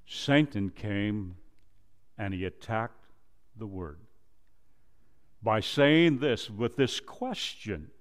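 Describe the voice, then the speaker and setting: Slow-preaching pastor, man. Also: animated. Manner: preaches slowly, rises loud then drops to a low hush; quotes scripture and acts out dialogue. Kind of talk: sermon.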